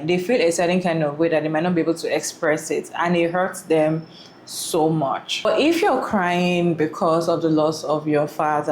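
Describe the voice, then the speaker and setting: A woman with a low voice gives casual reaction commentary. She is earnest and circles back to repeat her points. Faint noise hums behind her. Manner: earnest and repetitive. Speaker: reaction video creator.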